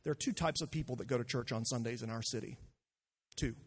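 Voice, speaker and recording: A man's voice: medium pitch, quick pace, husky. A male pastor delivering an earnest sermon, stumbling on frequent restarts and climbing to impassioned peaks.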